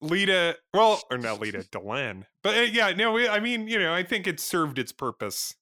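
A man co-hosting a podcast in a loose, rambling chat, full of ums and acted-out lines. His voice is bright and crisp. It is recorded dry and close. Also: high-pitched, sing-song, normal speed, no echo. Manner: rambling, lots of fillers, acts out lines. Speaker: podcast co-host. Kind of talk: casual recap chat.

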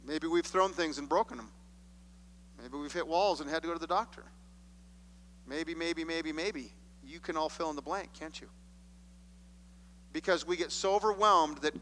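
High bright-voiced man preaching in a hall. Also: moderate pace, pauses often, slight background noise. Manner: expressive preaching, acting out quoted voices. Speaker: pastor. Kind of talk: sermon. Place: church sanctuary. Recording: long hall reverb.

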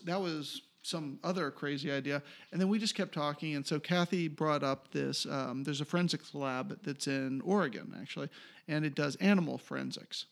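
Middle-aged TV producer guest from North Carolina, gravelly, somewhat high voice, animated storyteller. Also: male voice. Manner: animated, acts out others' lines. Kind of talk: casual storytelling interview.

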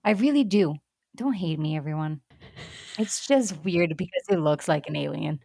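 Animated woman podcast co-host. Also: low voice, normal speed, gravelly, slightly rough, no room sound, clean studio sound. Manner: animated, acts out reactions. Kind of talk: casual rewatch chat.

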